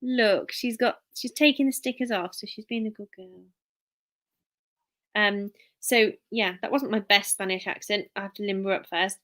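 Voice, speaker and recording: Her voice is mid-range, a bit bright, and at a normal speed as this work-from-home mum wanders through a loose live-stream chat. She keeps reading out viewers' names and frequently breaks off her sentences to try them again.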